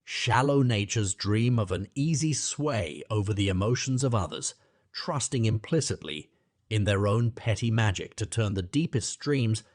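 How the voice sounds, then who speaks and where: A man narrating a classic novel as an audiobook, in a measured, literary reading. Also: lowish voice, expressive, no room sound, studio quality.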